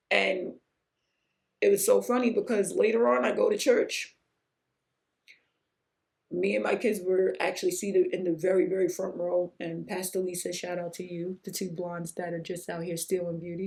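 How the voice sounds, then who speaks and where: A woman hosting her own podcast, telling a personal story in an earnest, emotional way that sometimes rises almost to a shout. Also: gravelly. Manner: emotional, earnest, rising to near-shouts at high points; breaks off to hush a pet in a low, quiet voice. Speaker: podcast host.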